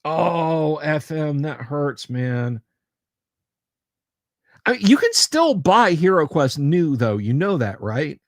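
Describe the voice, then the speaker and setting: A man's voice: fairly high pitch, big pitch swings, takes it slowly, dry recording, clean studio sound. Chatty man rambling on a livestream. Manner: rambling, self-interrupting, chatty; reacts to viewer comments. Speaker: livestream host. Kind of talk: casual livestream chat.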